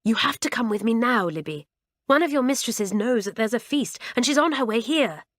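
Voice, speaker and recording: A woman's voice: fairly high pitch, lively intonation, moderate pace, no echo, studio quality, voice pushed up, close to an everyday voice. A woman voicing a protective teenage boy in an audiobook, curt and hissing when angry. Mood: urgent. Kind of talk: audiobook character reading.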